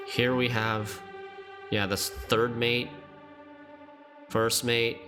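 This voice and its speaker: A man's voice: mid-range voice, level tone, drawn-out words, music in the background. A man streaming a game, chatting casually and thinking aloud as he plays, often laughing.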